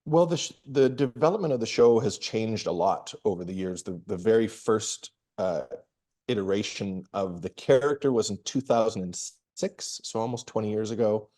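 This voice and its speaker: A middle-aged man, a comedian, answering interview questions in a relaxed, storytelling way with frequent restarts. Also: on the low side, normal speed. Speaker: guest comedian and performer.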